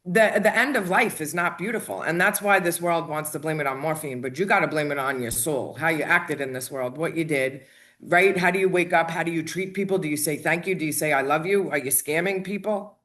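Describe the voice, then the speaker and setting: A woman's voice: low voice, brisk, fairly bright tone. A woman who works as a hospice nurse, telling stories emphatically in an interview and often asking "right?". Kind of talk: candid interview talk.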